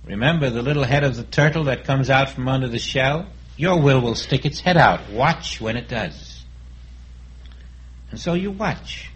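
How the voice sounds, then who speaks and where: A man giving a sermon as a spiritual teacher, speaking in a calm, reflective way and acting out inner dialogues. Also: mid-range voice, moderate pace, lo-fi sound.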